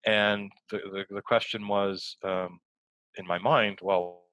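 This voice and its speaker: A man, a guest, telling stories in a rambling, quick conversational way over a video call. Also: lowish voice, little pitch movement, a bit bright, dry recording, highs cut off. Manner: rambling, quick storytelling with restarts. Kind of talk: casual conversation.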